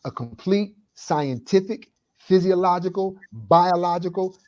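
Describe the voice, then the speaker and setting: A man's voice: sits high, unhurried, darkish tone, dull audio. A man hosting a talk show, speaking earnestly and stacking phrases for emphasis. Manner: emphatic, builds lists for emphasis. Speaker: host.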